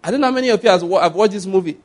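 Nigerian pastor, middle-aged, fairly high voice, lively storytelling sermon, repeats for emphasis. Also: male voice, rapid-fire. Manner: animated storytelling, acts out scenes, repeats points.

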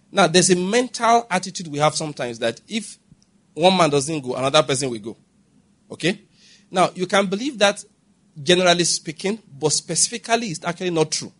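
A man's voice: high voice, breathy edge. A man preaching a sermon, emphatic and often asking the congregation whether they follow his point. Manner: emphatic, repeats questions to the congregation. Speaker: pastor.

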